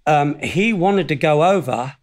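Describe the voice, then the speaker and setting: A man's voice: on the high side, expressive, unhurried. An older man from Australia, a guest in an interview, telling stories in a rambling, self-deprecating way and laughing often. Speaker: guest, former footballer. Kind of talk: casual interview storytelling.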